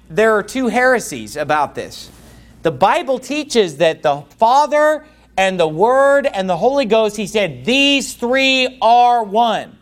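A man preaching a sermon, reading scripture aloud and explaining it with mounting passion. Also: sits high. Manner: impassioned, reads scripture aloud in King James wording.

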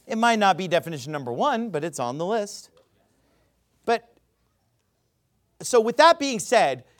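Animated, high-voiced man rebutting. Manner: emphatic and casual, with repeated restarts. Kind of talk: informal rebuttal talk.

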